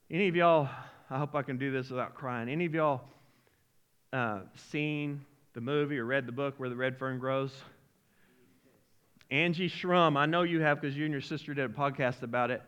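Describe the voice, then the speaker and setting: A pastor preaching in a folksy, animated way, stumbling over his words as he speaks. His voice sits a little high for a man. He leans into emotional storytelling. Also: normal speed, clean tone, highs cut off. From Arkansas-Oklahoma region. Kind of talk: sermon.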